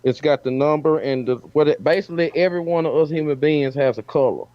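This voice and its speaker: A man's voice: a little high, fast talker, no echo, dull audio. A man from Alabama chatting casually as a podcast guest, often repeating words and saying "you know what I'm saying.". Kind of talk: casual chat.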